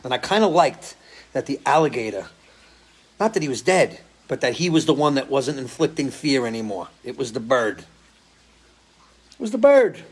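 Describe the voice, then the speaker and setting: A man's voice: mid-range voice, lively intonation, fairly quick, husky. A man hosting a live stream as a musician, chatting casually and answering viewer comments, loose and swearing freely. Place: home, living in Florida.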